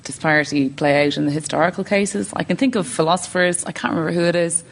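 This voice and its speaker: A woman with a notably low voice hosts a panel discussion. She puts short questions to the panel. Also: quick pace, gravelly.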